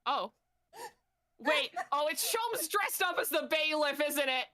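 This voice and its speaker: A woman's voice: high voice, lively intonation, unhurried, sharp tone. A woman chatting casually and swearing while streaming a game, laughing often.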